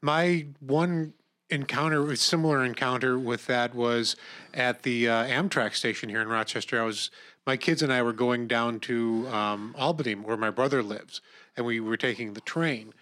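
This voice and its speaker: A middle-aged man hosts a conversation in a plain, medium voice. He tells a personal story with real animation, and his pitch climbs as he gets worked up. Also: fairly even intonation, normal speed, bright, forceful tone. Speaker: interviewer host.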